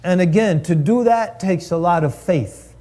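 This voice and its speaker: Guy preaching a lecture, repeats lines for punch, mellow high voice. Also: a little slow. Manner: rhetorical, repeats phrases for emphasis. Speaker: speaker at a live-streamed cultural event.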